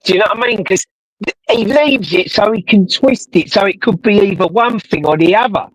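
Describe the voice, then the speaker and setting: A man's voice: high-pitched, brisk, no room sound, low-quality recording. A British man chatting casually, rambling and swearing a lot. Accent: British English. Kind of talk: casual chat.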